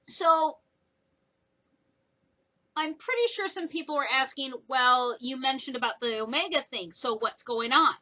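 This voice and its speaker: Bright, chatty young woman reviewing a book. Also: sits high, a little slow, pauses often, rough recording. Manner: chatty, animated retelling with exclamations. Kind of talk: casual book review vlog.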